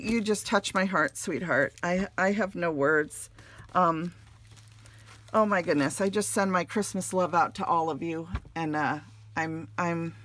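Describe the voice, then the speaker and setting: Casting: middle-aged woman, low gravelly voice, gushing casual unboxing host. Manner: gushing, warm thank-yous, many fillers. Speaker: crafting channel host.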